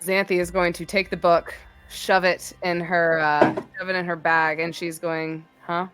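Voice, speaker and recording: A woman's voice: fairly low pitch, flat delivery, a little slow, a bit bright, faint music behind. A woman playing a tabletop game, casually describing what her character does. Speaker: player.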